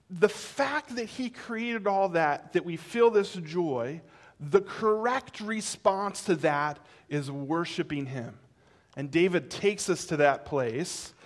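Male pastor, 30s-40s, higher voice, conversational sermon delivery with easy laughs. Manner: conversational and animated, with laughs and fillers. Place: church sanctuary.

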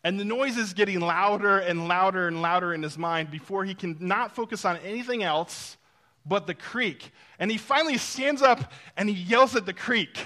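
Pastor, male, high bright voice, storytelling sermon delivery, dynamic between loud and hushed. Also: expressive, moderate pace. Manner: speaks to the congregation directly, with asides.

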